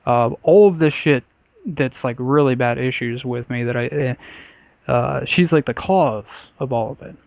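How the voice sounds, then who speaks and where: A man's voice: mid-range voice, measured pace, vocal fry, darkish tone, dry recording. A man co-hosting a casual comedy podcast, telling a story bluntly and profanely with lots of uhs and likes. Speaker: podcast co-host. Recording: slightly dull podcast audio.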